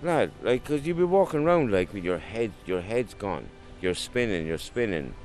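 A man's voice: fairly low pitch, sing-song, normal speed, a little mellow, faint music behind. A man in a street interview, speaking earnestly and colloquially.

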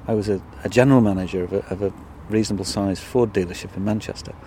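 Low-voiced relaxed bus driver. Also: male voice, fast, a little hiss or hum. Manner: relaxed, brief answers, chuckling.

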